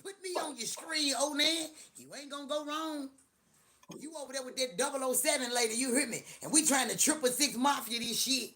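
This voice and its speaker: A middle-aged woman hosting a live stream, talking in a loud, profane, joking rant. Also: sits high, brisk. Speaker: livestream host. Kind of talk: casual live-stream chat.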